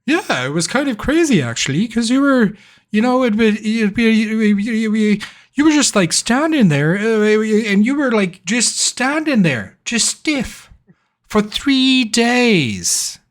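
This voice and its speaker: A man's voice: high voice, big pitch swings, unhurried, pitched above the performer's own voice. A man doing an eager little boy's voice. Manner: eager, rambling, stammering. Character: excited young boy tavern kid.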